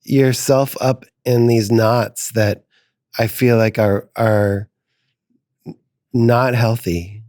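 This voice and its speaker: A middle-aged man muses slowly in a podcast chat, his sentences halting as he hunts for words. He speaks at an unhurried pace, recorded dry and close. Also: mid-range voice, fairly even intonation, darkish tone, no room sound. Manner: slow, halting, searching for words. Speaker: musician guest, the father. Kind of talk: reflective conversation.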